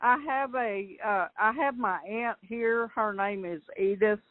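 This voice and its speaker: A woman with a Southern US accent calls in to a radio show. She speaks haltingly, with fillers. Her voice comes over a dry, narrow phone line. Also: mid-range voice, dry recording. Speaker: caller.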